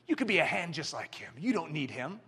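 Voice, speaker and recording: A man putting on a quiet, coaxing tempter. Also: a little high, big pitch swings, brisk, slightly rough, voice pushed down, exaggerated voice. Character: sly tempter spirit, coaxing and smooth.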